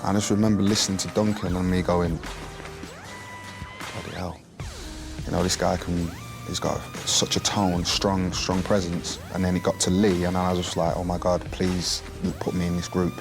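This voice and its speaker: A man from a pop band recalling fame in a relaxed, boastful way. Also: low-pitched, a little fast. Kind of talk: interview. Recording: music under interview.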